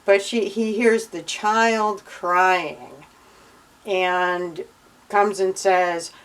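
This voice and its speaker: A woman's voice: medium pitch, steady tone, drawn-out words, fairly bright tone, smooth, rough recording. A young woman vlogging about her Bible reading, retelling the stories in a casual, indignant and sarcastic way. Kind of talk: casual commentary.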